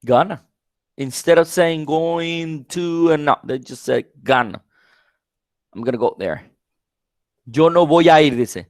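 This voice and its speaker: A man whose first language is Spanish, teaching an English grammar class online, repeating example sentences slowly and quizzing his students. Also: on the high side, no echo, studio quality. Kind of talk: live online class lecture.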